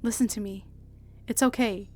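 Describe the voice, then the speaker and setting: A woman voicing a gentle, dying young male huntsman in her own soft, calm, reassuring voice. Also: a little high, normal speed, dry recording, close to an everyday voice.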